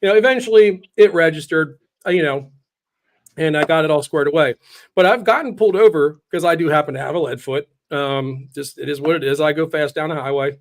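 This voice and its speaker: A man's voice: on the high side, brisk. Joking man host with a raised voice. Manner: blunt, joking storyteller. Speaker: show host. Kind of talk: casual chat.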